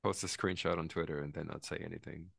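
A man's voice: a bass voice, fairly even intonation, quick pace, vocal fry, fairly bright tone, dry recording, studio quality. A man co-hosting a casual chat, easygoing as he plays and reacts to a video. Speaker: podcast co-host.

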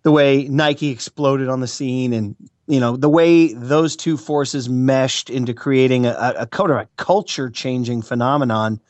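An American man, a regular pundit, talking sports in a casual, animated way with playful mock emotion. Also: mid-range voice, moderate pace, dry recording, lo-fi sound. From United States. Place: California, Bay Area.

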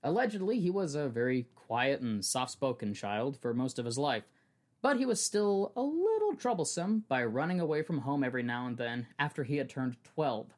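Lively young man telling a story. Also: medium pitch, normal speed. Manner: chatty, restarts often, laughs along. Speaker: podcast host. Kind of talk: casual podcast storytelling.

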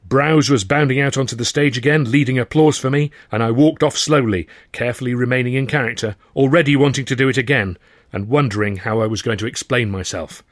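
A man's voice: medium pitch, fairly quick, no echo. A man reading his own novel aloud, narrating with dry, wry timing and acting the dialogue. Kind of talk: audiobook narration.

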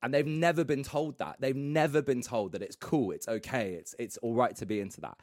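A man's voice: mid-range voice, fairly quick, dry recording, studio quality. A young man from the UK, a radio presenter, chatting casually on a podcast, laughing often and joking about himself.

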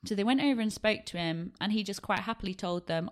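A woman's voice: mid-range voice, quick pace. A woman, a podcast co-host telling a true-crime story in a chatty way, laughing and acting out the quotes.

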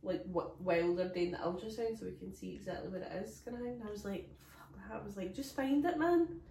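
A woman's voice: mid-range voice, fast talker, creaky. A Scottish woman tells a story on a comedy podcast, acting out everyone's lines as she goes. She is recorded on a phone set away from her, so her voice sounds echoey and distant. A faint hiss of room noise sits underneath. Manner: acts out quoted voices, animated. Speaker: podcast co-host.

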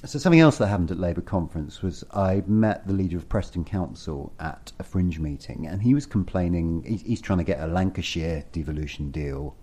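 Low, dark-voiced man chatting. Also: fairly quick, hardly any pauses. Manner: chatty, animated, self-deprecating. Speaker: podcast co-host. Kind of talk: casual conversational chat.

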